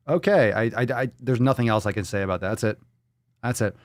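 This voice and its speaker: A man hosting a live podcast, ranting in a profane, sarcastic, mocking way, jumping from loud outbursts to muttered asides. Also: lowish voice, dry recording, studio quality. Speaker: podcast host. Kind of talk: live-stream podcast rant.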